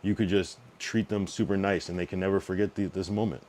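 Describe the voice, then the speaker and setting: Low-voiced man ranting on a livestream. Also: fairly even intonation, brisk, a little mellow, a little hiss or hum. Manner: blunt, profane, rambling with frequent restarts. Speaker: streamer. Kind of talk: casual livestream monologue.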